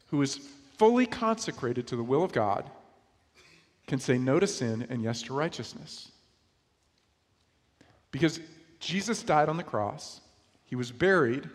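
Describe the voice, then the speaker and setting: A man's voice: on the high side, in a large hall. A man from New York preaching a sermon in a conversational way, often asking his listeners rhetorical questions. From New York, USA. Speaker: pastor.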